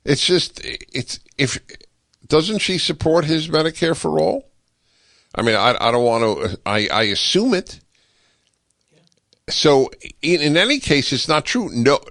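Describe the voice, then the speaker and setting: A male talk radio host with a gravelly edge to his voice, swinging his pitch up and down as he picks apart what he hears. His delivery is sarcastic and full of wry asides. The sound is dry and close, from a studio microphone with no room around it. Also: expressive, measured pace, a bit bright, no room sound. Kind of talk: political commentary monologue.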